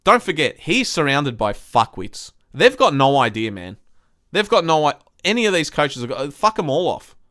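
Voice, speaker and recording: A man's voice: a little high, sing-song, normal speed, a bit bright, no room sound, clean studio sound. A young man hosting a live stream, reading viewer comments and ranting bluntly with lots of swearing. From Australia. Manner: blunt, swears a lot, frustrated.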